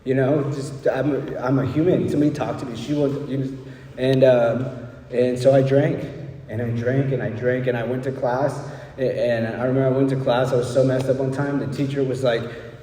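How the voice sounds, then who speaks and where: A man's voice: medium pitch, level tone, moderate pace, dark tone. A man in his thirties giving a candid, rambling recovery talk, checking in with listeners by asking "right?" again and again. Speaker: recovery speaker. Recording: roomy hall from far off.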